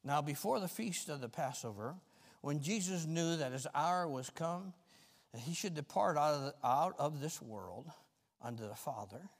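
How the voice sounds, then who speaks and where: A male pastor preaching a fervent sermon with folksy, self-mocking humor, swinging between shouts and quiet talk. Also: a little high. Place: church sanctuary. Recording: long reverb of a church hall.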